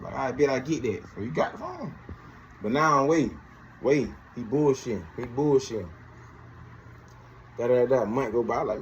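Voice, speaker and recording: A man's voice: mid-range voice, lo-fi sound, a little hiss or hum. A man from Georgia, telling his story casually and profanely, acting out both sides of each conversation. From Georgia, USA.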